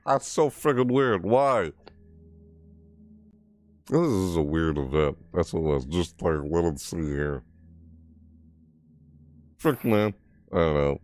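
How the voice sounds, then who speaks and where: A man's voice: sits low, very animated, slow pace, long pauses, darkish tone. A man reacting to a game trailer, breaking into startled yelps and exclamations and swearing mildly. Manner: mild swearing, 'frick' and 'what the heck'. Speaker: gaming video creator. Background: faint trailer music under the voice.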